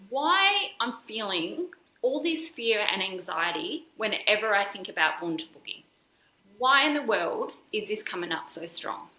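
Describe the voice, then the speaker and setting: Woman, podcast guest, bright and slightly high, candid personal story, roomy echo. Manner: candid, earnest, with frequent fillers and restarts. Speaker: podcast guest, dance school founder.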